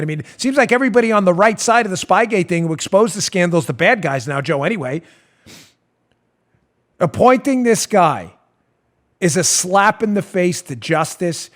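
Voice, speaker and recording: High-voiced sarcastic male talk host. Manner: animated, sarcastic, laughs while ranting. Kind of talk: political talk show commentary.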